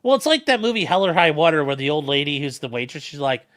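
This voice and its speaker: A man's voice: fairly high pitch, very animated, fast talker, a bit bright. A man hosting a livestream, rambling and joking as he reacts to the chat. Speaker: livestream host reading chat. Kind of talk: casual stream chat.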